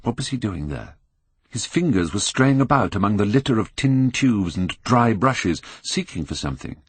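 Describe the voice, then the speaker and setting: An older man reading a classic novel aloud in measured, expressive storytelling. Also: lowish voice, husky, no room sound. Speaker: audiobook narrator. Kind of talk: scripted narration.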